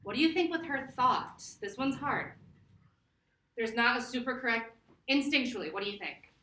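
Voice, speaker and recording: A woman teacher giving a classroom lesson, lively and laughing, stretching words out slowly to model them. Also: fairly high pitch. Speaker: Spanish teacher. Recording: echoey classroom from far off.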